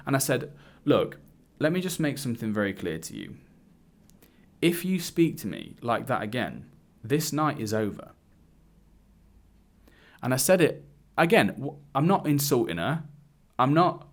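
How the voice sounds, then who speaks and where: A man telling a personal story straight to camera, candidly, with some swearing and acted-out quotes. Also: medium pitch. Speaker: dating coach. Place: indoors, wearing a hood. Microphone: camera mic.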